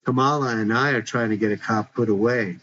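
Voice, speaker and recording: A man's voice: medium pitch, fairly quick, a bit bright, natural voice. A man voicing an earnest, worried young woman eager to help, who speaks insistently, in a dull lo-fi recording.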